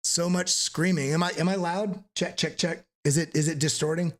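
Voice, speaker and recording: A man hosting a live crypto trading stream, joking and energetic as he walks through charts, swearing casually now and then. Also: fairly high pitch, normal speed. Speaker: crypto trading channel host.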